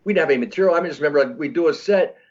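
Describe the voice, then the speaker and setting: Rambling man in his sixties, lo-fi. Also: fairly high pitch. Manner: rambling, halting with many restarts. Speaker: comedian guest. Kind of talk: casual storytelling interview. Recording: dull lo-fi audio.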